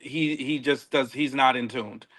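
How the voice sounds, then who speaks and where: Animated bright-voiced man recapping with laughter. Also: mid-range voice, unhurried. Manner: animated, laughs often, repeats words. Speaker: podcast co-host. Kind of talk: casual reality-show recap chat.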